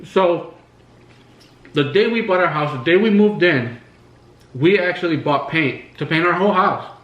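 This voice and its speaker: Eating at home in his living room, this host tells meandering stories stuffed with fillers. His voice is a little high, animated and somewhat slow, with lo-fi sound, room echo and faint background music.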